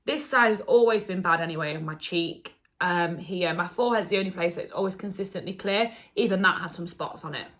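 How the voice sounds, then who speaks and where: A woman's voice: on the low side, a little fast, hardly any pauses, a bit bright. A young adult woman, telling a candid story-time vlog in a chatty, emotional way. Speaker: beauty vlogger. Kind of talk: casual confessional story time.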